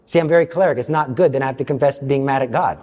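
A man telling a faith story to an audience with self-mocking humor, his voice jumping high whenever he quotes someone. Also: rapid-fire. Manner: animated, jumps high for quoted lines. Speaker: Catholic speaker. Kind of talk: storytelling talk. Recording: long hall reverb.

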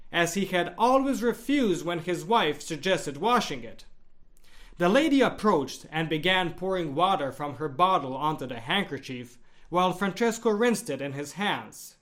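Lively, higher-voiced male storyteller. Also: moderate pace. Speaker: narrator. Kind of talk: scripted narration of a devotional story.

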